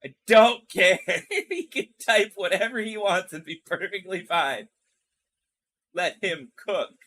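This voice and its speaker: A man's voice: sits high, a little slow, pushed and bright. A young man streaming a video game live, chatting with his viewers, joking, and reading the game's lines aloud. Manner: chatty and jokey, reads game lines aloud, talks to chat.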